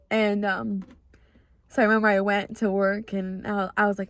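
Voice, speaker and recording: Her voice mid-range and her pace moderate, a young woman talks through a personal story on the podcast she hosts. It's chatty and confessional, heavy on "like," with frequent reenactments of her own earlier lines. The recording is dry.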